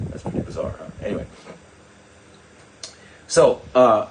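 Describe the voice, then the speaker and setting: A man's voice: mid-range voice, moderate pace, pauses often. Rambling sarcastic older man, noisy stream. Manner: digressive and sarcastic, mocking asides to viewers. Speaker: doctor hosting a live stream. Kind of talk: rambling live-stream talk.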